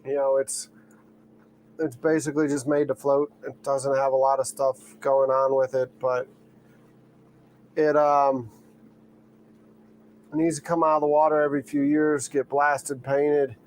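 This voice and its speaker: A man's voice: medium pitch, measured pace, long pauses, slight background noise. A man hosting a live stream from a boat, chatting loosely with viewers and rambling a little, sleepy and yawning. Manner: rambling, relaxed, reads out chat names. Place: on a boat during a storm.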